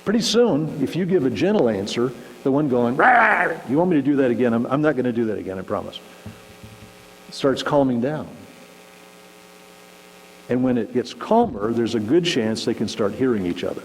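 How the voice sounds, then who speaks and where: A man delivers a relaxed, conversational sermon, now and then acting out little scenes to make his point. His voice rings with a long hall reverb, and a faint electrical hum sits underneath. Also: mid-range voice, moderate pace, long pauses. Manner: conversational, animated, acts out shouting examples. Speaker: pastor. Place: church sanctuary.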